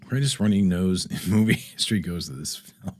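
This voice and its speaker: A man's voice: low-pitched, lively intonation, a little fast, a little mellow. Rambling man hosting a live stream. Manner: loose and rambling, reads chat aloud, laughs often. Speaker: livestream host. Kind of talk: casual live-stream chat.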